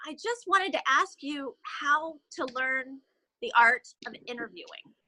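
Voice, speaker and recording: Woman voicing a young male writer, stammering, self-doubting, high voice. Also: animated, measured pace, bright, forceful tone, heavily acted. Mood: timid. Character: discouraged young male aspiring author. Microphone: video call.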